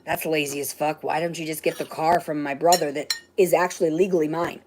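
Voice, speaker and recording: A woman's voice: low-pitched, steady tone, brisk, background noise. A woman on a rambling livestream from her home, ranting and swearing in an agitated way. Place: home, indoors.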